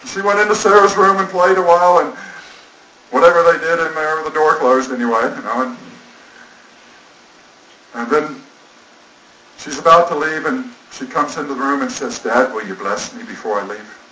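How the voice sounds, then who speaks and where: A man's voice: on the high side, steady tone, normal speed, long pauses, bright, forceful tone. A man telling a personal story in a sermon, earnest and rambling, acting out the dialogue. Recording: roomy, distant mic, faint noise.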